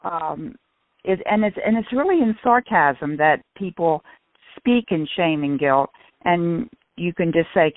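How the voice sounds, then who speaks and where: A middle-aged woman speaking earnestly in a casual radio talk, often restarting and slowing down to stress points. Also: on the low side, animated, no echo. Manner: earnest, with restarts and slow emphasis. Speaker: guest speaker on shame and guilt. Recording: tinny phone-like radio sound.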